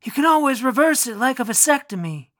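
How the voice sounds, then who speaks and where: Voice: high voice, animated, a little fast, a bit bright, no room sound, clean studio sound, voice pushed up. Narrator doing a breezy, reassuring doctor. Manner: matter-of-fact, brushes off doubts. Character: calm male doctor, smoothly reassuring.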